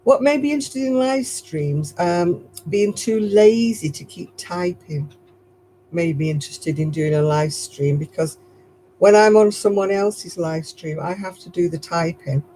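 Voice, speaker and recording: A woman's voice: on the low side, unhurried, warm tone, a little hiss or hum, poor audio. A woman with a Lancashire accent hosting a casual live stream while she crochets, chatty and rambling, chuckling at herself. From Lancashire, England.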